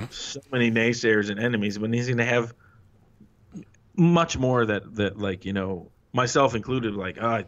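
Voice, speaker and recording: Guy telling backstage stories on a podcast, swears a lot, pops his voice up for quotes, kinda dull lo-fi audio. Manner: animated, acts out quotes with raised pitch, swears freely. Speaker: former wrestling writer, interview guest. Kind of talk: casual storytelling interview. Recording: muffled lo-fi audio.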